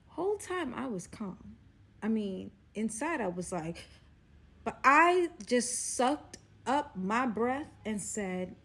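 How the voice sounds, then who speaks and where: A young woman telling a dramatic story to the camera, with loud bursts in an animated storytime vlog. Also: mid-range voice, slow pace, slightly rough.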